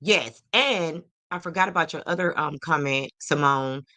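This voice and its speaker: A woman's voice: low voice, moderate pace, sharp tone. A woman hosting a celebrity gossip podcast, sassy and opinionated, talking straight to her viewers. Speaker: podcast host.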